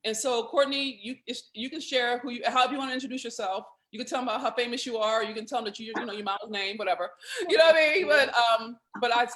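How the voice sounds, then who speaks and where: Woman, live video host, fairly high voice, excitable, emotional. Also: fast talker.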